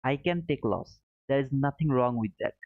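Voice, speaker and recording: A man's voice: medium pitch, expressive, normal speed, gravelly, dry recording. Live trading streamer, male, self-critical and apologetic, dry phone-like sound. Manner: apologetic, self-critical, frequent restarts, non-native phrasing. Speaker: livestream trading host. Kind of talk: live-stream chat to viewers.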